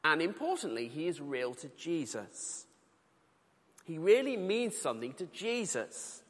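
Animated British preacher in reverberant hall. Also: male voice, on the high side, a little slow. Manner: earnest, conversational preaching with colloquial asides. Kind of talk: sermon. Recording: long reverb of a large hall.

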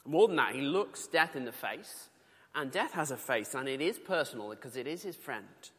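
A man's voice: medium pitch, animated, normal speed, husky. A British man preaching a sermon, earnest and conversational, with colloquial asides while reading scripture. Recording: long reverb of a large hall.

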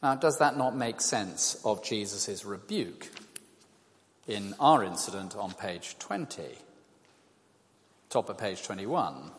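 A man's voice: fairly low pitch, lively intonation, slow, long pauses. An older man giving an evangelistic talk to an audience, conversational and self-deprecating, telling stories with animation. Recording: reverberant hall.

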